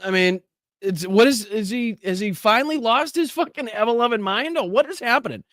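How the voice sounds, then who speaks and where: Male stream host, high and dry, cursing, laughing, incredulous reaction commentary. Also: expressive, brisk, fairly bright tone, no room sound. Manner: profane, incredulous, laughs often.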